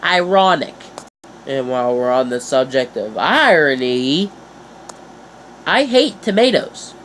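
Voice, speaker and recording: A teenage boy vlogging in a casual, chatty way, playful and animated, jumping up in pitch for emphasis. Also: takes it slowly, slight background noise. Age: teens. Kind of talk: casual chat to camera.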